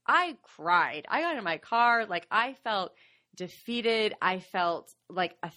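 A woman's voice: mid-range voice, animated, takes it slowly, bright, forceful tone. Thirties woman, podcast co-host, candid and confessional delivery. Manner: earnest, confessional storytelling.

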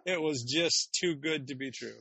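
A man's voice: fairly high pitch, moderate pace, creaky, breathy edge, no echo, rough recording. A man casually telling stories on a talk show, acting out the people he quotes and laughing often. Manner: animated, acts out quotes with laughs. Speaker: podcast host and author. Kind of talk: casual storytelling chat.

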